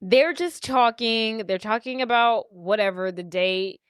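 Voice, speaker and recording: Lively young woman recapping a movie. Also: a little high, clean tone, dry recording, studio quality. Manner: animated, acts out characters' lines in quick voices. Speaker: podcast co-host. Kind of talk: casual movie recap chat.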